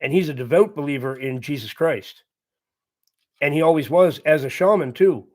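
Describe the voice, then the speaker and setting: Man, livestream host, earnest, repeats himself, slightly higher voice. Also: moderate pace, a little mellow. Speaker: livestream host reading chat. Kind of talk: casual live chat with viewers.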